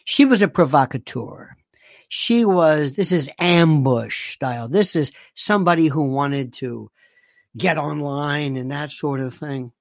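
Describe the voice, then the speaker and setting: A man talks straight to his audience with a gravelly, fry-edged voice, leaning on repeated words for emphasis. The recording is dry and close, with no room sound at all. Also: fairly high pitch, no room sound. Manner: chatty, emphatic, repeats himself for stress. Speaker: online commentator. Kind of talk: casual commentary to camera.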